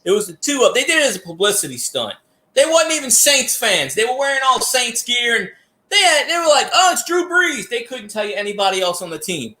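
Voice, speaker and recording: High bright man ranting. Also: roomy sound. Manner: animated storytelling with rants and cursing. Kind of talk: casual livestream chat.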